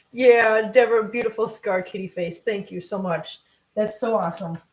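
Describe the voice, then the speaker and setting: A woman's voice: mid-range voice, steady tone, unhurried, fairly bright tone, roomy sound, rough recording. A woman hosting a cooking livestream, chatting emotionally and gushing thanks at her viewers while she cooks at home. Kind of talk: casual live-stream chat while cooking. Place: home kitchen.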